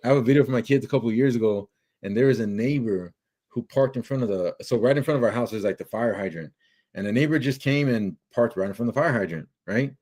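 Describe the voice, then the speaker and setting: A man's voice: medium pitch, fast talker. A man in his thirties from a Mexican American family, hosting a podcast and telling a long casual story, often acting out what his relatives said. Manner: animated storyteller, acts out quotes of family members. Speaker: podcast host.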